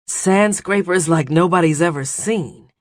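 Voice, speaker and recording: A brash, boastful sand diver from a desert adventure audiobook, as a man puts him on, pitched higher and louder than the narration. He talks eagerly and slowly, with a raised, excited voice, recorded close and dry. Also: no echo.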